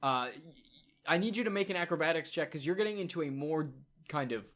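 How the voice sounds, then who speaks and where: A man narrating a tabletop game as game master, in a casual, halting way with many fillers. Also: on the high side, animated, fairly bright tone.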